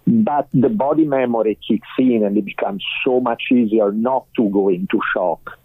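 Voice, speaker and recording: A middle-aged man from Milan with a heavy Italian accent, a guest author explaining ideas in a relaxed way and laughing easily. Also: medium pitch, moderate pace, breathy edge, no room sound. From Italy. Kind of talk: casual interview conversation. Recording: tinny phone-line audio.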